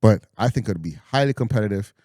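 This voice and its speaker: A man's voice: fairly low pitch, expressive, fast talker, mellow, dry recording, studio quality. Emphatic man in casual podcast banter. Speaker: podcast co-host.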